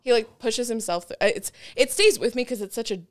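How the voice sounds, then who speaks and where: A young woman in her twenties co-hosting a podcast in casual chat, blunt and expressive, swearing freely. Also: a little high, fairly quick. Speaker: podcast co-host.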